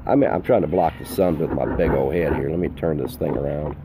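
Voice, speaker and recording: A man's voice: a bass voice, fairly quick, background noise. An older man, a full-time RV vlogger, giving earnest, emphatic safety advice outdoors, repeating his points. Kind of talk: casual outdoor vlog advice. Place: outdoors in the sun.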